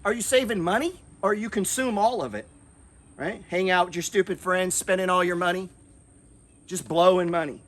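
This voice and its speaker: A man's voice: high-pitched, moderate pace, a bit bright. A man hosting an investing channel, scolding his viewers in a fiery, profane, repetitive motivational rant.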